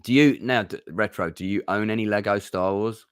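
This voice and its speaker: A man's voice: fairly low pitch, fairly quick, clear, resonant tone, no echo, studio quality. A man hosting a casual livestream chat, rambling with lots of restarts and ums. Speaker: livestream host.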